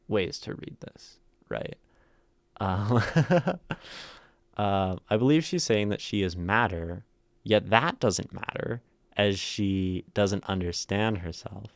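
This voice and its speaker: A man with a very deep voice hosts a casual livestream, talking through poems as he thinks aloud. He drifts through plenty of ums and rereads lines with shifting inflection. The sound is close and dry, with no room around it. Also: creaky, dry recording. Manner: musing, thinks aloud with many fillers. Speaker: livestream host analyzing poetry.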